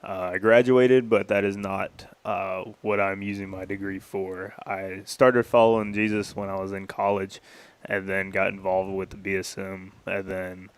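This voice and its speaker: A man's voice: low-pitched, little pitch movement, moderate pace, smooth. A young man in his twenties from northern Louisiana, a polite and earnest guest in a radio interview. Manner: polite, earnest, says yes sir. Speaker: guest, campus ministry worker.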